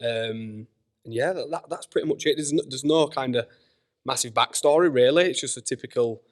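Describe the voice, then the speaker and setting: A man's voice: medium pitch, a little fast. Easygoing Yorkshire man, casual guest. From Leeds, England. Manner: easygoing, loose, full of fillers and "mate". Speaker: podcast guest, personal trainer. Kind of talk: casual podcast chat. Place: gym.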